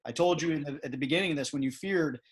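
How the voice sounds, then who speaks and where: A man's voice: fairly high pitch, rapid-fire, breathy edge. Rambling, emphatic podcast host man. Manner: rambling, emphatic, with many restarts and fillers. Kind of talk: casual conversation.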